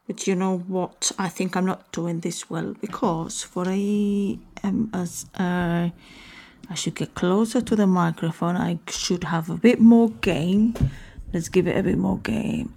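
A woman's voice: fairly low pitch, steady tone, a little slow, creaky, mellow. A woman hosting a casual solo talk, rambling and often correcting herself.

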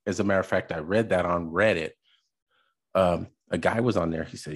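A man hosting a podcast, reacting to a video in casual commentary, exasperated and halting with fillers. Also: deep voice, steady tone.

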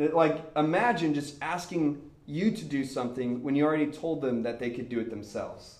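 A young man gives a relaxed, storytelling sermon, slipping into voices for the people he describes and laughing along the way. His voice sits a touch high and bounces around a roomy, echoing space. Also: moderate pace. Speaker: preacher. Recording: echoey room.

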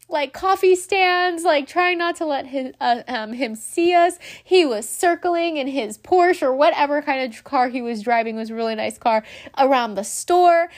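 A woman's voice: sits high, moderate pace. A young adult woman telling a story in a casual, chatty way, full of fillers like "like" and "um". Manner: chatty, animated, many fillers like "like" and "um". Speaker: vlogger.

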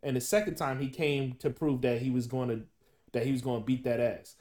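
A man's voice: medium pitch, steady tone, a little mellow. Podcast host guy, mid voice, stops and restarts a lot while asking stuff. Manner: halting, many restarts while forming questions. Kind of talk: casual podcast chat.

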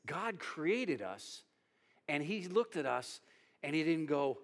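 A man preaching a sermon as pastor, animated, often restarting his words, speaking in a church hall. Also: a little high, slow pace.

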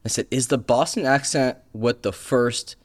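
A man hosting a casual chat, lively, laughing and quoting others. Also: medium pitch, normal speed. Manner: lively, laughs, quotes people. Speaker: podcast host.

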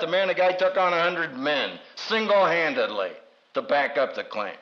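Man, preacher, sermon, dramatic, humorous asides, lively pitch, dull old recording. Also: moderate pace. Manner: dramatic, acts out quoted voices with big pitch swings.

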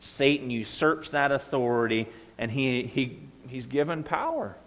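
Conversational pastor in a reverberant hall. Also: male voice, medium pitch, expressive, measured pace, fairly bright tone. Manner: conversational preaching, frequent "right?" and "okay?" checks. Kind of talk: sermon.

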